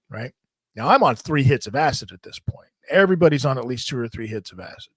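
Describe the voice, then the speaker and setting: A man in the middle of his range tells a wild story in a loose, rambling way, swearing freely and getting animated. His voice sits close and dry, with no room around it. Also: medium pitch, fast talker, husky, no echo. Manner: rambling, profane, animated retelling. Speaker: podcast host. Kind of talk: casual storytelling.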